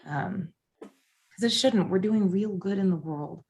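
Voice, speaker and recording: A woman in her thirties talks with real passion, her voice at an everyday middle pitch. She is a guest on an interview podcast. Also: darkish tone. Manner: passionate, impassioned, rapid. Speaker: podcast guest, event founder. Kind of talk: casual interview chat.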